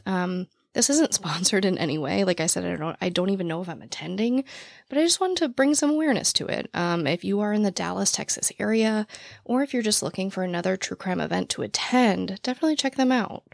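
Woman podcast host, raspy gravelly voice, out of breath, rapid excited chatter, dry close mic. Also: mid-range voice, dry recording. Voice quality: naturally raspy voice with vocal fry. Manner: talks very fast and excitedly. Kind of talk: casual chat to listeners. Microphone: studio microphone, standing while recording.

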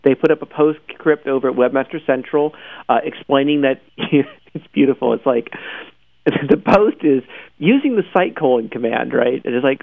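A man's voice: mid-range voice, normal speed, vocal fry, dry recording. A man hosting a daily search news show in casual chat, talkative and laughing often, calling in by phone. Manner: chatty, laughs often, animated asides. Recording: tinny phone line.

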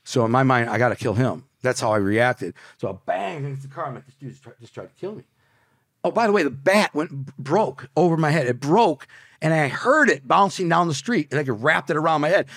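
A man's voice: a little high, expressive, brisk, a bit bright, no room sound. Man telling an intense story, dry sound. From Detroit area, US. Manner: intense, vivid, slangy retelling. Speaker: podcast guest. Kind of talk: storytelling in a podcast interview.

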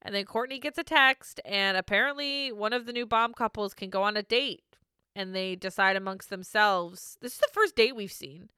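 A woman's voice: medium pitch, normal speed, pushed and bright, smooth, dry recording, studio quality. A woman co-hosting a casual podcast, recapping a reality show, laughing often and swearing freely.

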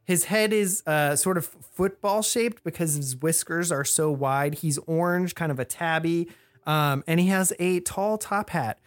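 A young woman narrating and explaining rules as game master, in a relaxed, filler-heavy way. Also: fairly low pitch, measured pace, no room sound.

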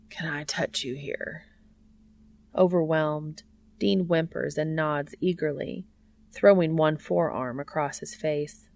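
Brief: woman storyteller, soft unhurried reading, low pitch. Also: gravelly. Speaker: narrator. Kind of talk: narrating fan fiction aloud.

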